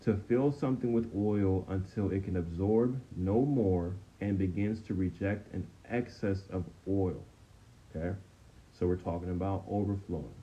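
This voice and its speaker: Casting note: man, low mellow voice, casual Bible study teacher, keeps checking in with listeners, dull lo-fi recording. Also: normal speed, husky. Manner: conversational, frequent "okay?" check-ins, repeats himself. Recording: dull, slightly lo-fi sound with faint noise.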